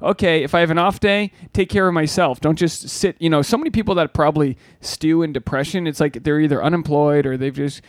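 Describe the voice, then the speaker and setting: A man's voice: fairly high pitch, steady tone, a little fast, few pauses, dry recording, clean studio sound. A man co-hosting a casual podcast, telling stories in a rambling, profane way. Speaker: podcast co-host.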